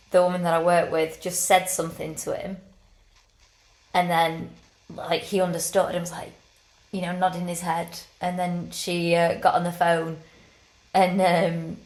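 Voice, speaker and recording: A woman's voice: fairly low pitch, flat delivery, a little slow, echoey room, poor audio. A woman co-hosting a podcast in casual chat, rambling and correcting herself with frequent giggles. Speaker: podcast co-host.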